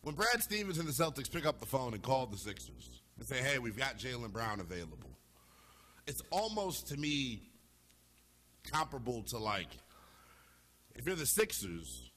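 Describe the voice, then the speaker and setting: A man hosting a sports talk radio show, arguing his point to listeners in an animated, emphatic monologue. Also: mid-range voice, normal speed. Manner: talks straight to listeners.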